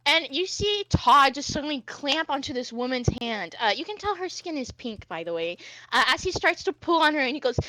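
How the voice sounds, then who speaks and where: A woman narrating as game master, relaxed and chatty. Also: high-pitched, normal speed, no echo. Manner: relaxed, with fillers and laughs.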